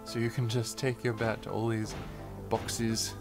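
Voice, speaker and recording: A man's voice: fairly low pitch, level tone, a little slow, creaky, over music. A man giving playful game commentary while reading dialogue aloud. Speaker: let's player.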